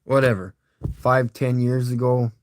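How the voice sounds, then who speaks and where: A man's voice: mid-range voice, steady tone, unhurried, no echo, clean studio sound. A middle-aged man with a Canadian accent, rambling and chuckling as he chats casually with his live-stream viewers. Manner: rambling, chuckling, talks to chat.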